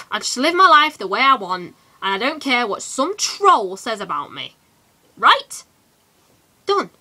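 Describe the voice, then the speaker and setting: A teenage woman from England ranting in a casual vlog, animated and full of quick asides. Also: high voice. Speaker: vlogger.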